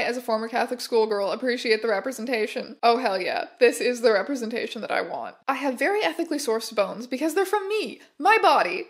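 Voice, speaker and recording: A woman hosting, reading viewer submissions aloud and adding dry, sarcastic asides. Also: fairly high pitch. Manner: dry, sarcastic asides between read-out posts. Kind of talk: casual commentary reading submissions.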